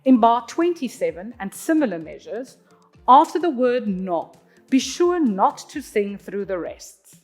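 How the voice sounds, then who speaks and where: A woman, an opera singer, giving a clear, teacherly singing lesson and sounding out Italian words as she explains. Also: a little high, sing-song, measured pace, a little mellow, soft background music. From South Africa. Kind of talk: instructional talk on singing.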